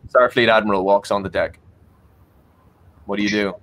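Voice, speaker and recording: Low-voiced man running a tabletop game. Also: steady tone, moderate pace, a bit bright, a little hiss or hum. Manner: hesitant, many ums and restarts. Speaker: game master. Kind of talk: narrating a tabletop role-playing game.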